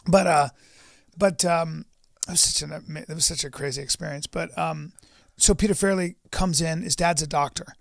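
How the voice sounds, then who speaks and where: Comedian guy in his 50s, high voice, self-mocking and foul-mouthed, dry close sound. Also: normal speed, vocal fry, no echo. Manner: animated, profane, self-mocking. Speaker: comedian on a podcast. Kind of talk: casual chat and storytelling.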